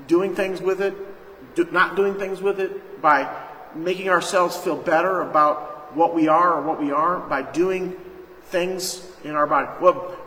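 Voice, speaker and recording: A man's voice: a little high, bright, forceful tone. A man preaching a sermon as pastor, emphatic and calling out to his congregation. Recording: echoey hall, faint noise.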